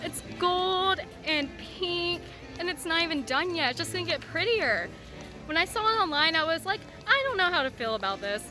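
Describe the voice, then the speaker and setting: A woman's voice: extremely high pitch, sing-song, fast, over music. A young woman vlogging her day at a theme park, gushing and giddy as she narrates. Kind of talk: excited theme park vlog.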